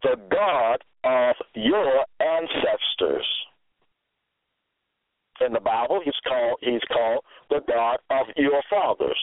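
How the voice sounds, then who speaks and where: Slow, emphatic male preacher on a phone line. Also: no echo. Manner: slow, emphatic preaching with sweeping pitch swings. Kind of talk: sermon. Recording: tinny phone line, dry.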